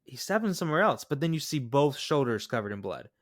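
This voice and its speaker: A man co-hosting a podcast, excitedly talking through movie scenes, often tripping over and repeating his words. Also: medium pitch, quick pace. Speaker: podcast co-host. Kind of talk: casual movie recap chat.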